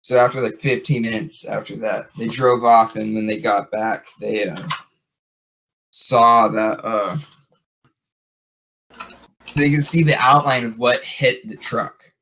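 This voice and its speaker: A man's voice: medium pitch, steady tone, slow, gravelly, long pauses, a bit bright, a little hiss or hum, rough recording. A man hosting a podcast, telling a story in a rambling casual way with many fillers and restarts. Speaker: podcast host.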